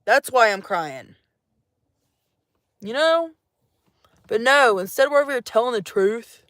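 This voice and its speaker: A woman's voice: on the high side, expressive, a little slow, a bit bright, dry recording, clean studio sound. A young woman rambling to her livestream viewers in a jokey, profane, casual chat from out in the woods. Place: outdoors in the woods.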